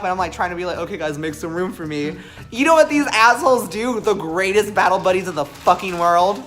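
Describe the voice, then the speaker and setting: A young man casually telling a story on a vlog, animated, joking and swearing freely. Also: sits high. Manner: animated, profane, jokey.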